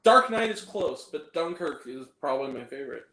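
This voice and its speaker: A man hosting a live stream, chatting casually and a little tired, animated and given to laughing and acting out lines. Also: fairly high pitch, moderate pace, creaky, reverberant, rough recording. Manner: animated, laughing, acts out film quotes. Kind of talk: casual chat.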